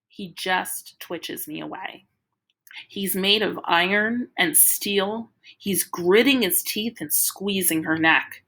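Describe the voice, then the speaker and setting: A woman's voice: medium pitch, slow, pushed and bright. Woman dramatically reading a novel aloud. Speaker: reader.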